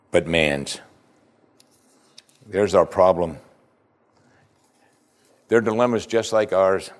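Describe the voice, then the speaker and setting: A man's voice: deep voice, slow pace, long pauses. A male pastor preaching a sermon, retelling scripture in casual everyday speech and addressing the congregation directly. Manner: conversational preaching, paraphrasing scripture in plain speech.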